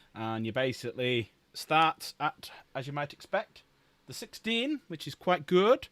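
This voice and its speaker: Chatty, swearing streamer, lively voice. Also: male voice, on the high side, dry recording. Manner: chatty, jokey, swears casually. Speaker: live streamer greeting chat. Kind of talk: casual live-stream chat. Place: home room while painting miniatures.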